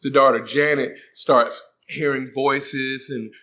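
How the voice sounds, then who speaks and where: A man's voice: medium pitch, flat delivery, takes it slowly, sharp tone. A man hosting a comedic movie recap, joking in slang and acting out the characters' voices. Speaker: host.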